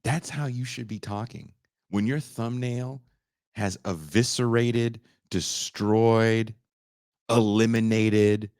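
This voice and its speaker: A man hosting a podcast, delivering a loud, profane comedic rant that swings into shouting. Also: mid-range voice, expressive, unhurried, no room sound, clean studio sound. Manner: loud, swearing, swings into shouting and mock voices. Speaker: podcast host.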